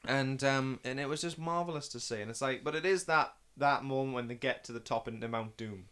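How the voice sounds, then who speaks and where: Guy rambling excitedly about a movie, bright sharp voice, casual chat. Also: mid-range voice, brisk, smooth. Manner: enthusiastic, rambling, gushing. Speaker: film review podcast guest watching for the first time.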